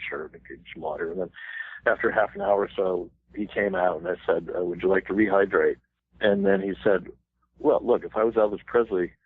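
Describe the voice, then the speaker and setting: A man in his sixties from the United States, a banjo player telling lively anecdotes as an interview guest. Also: deep voice, vocal fry, breathy edge, no room sound. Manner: animated anecdotes with laughs and sung quotes. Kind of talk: casual interview storytelling. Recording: thin phone-like radio line.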